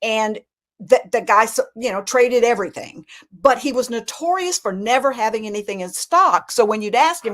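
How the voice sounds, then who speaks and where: Southern lady humorist spinning folksy yarns, kinda high voice, super animated. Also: normal speed. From Alabama, USA. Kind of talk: casual storytelling chat.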